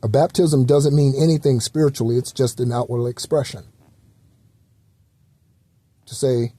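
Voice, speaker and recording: A man's voice: medium pitch, fairly even intonation, normal speed, long pauses, warm tone, no room sound. A man hosting a spiritual talk channel, speaking in a loose, rambling way with many fillers and the occasional swear word.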